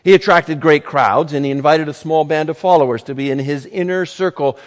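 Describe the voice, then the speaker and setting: Man preaching, emphatic, in a reverberant hall. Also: a little high. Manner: emphatic, measured, dramatic pauses, rhetorical questions. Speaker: pastor. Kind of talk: sermon.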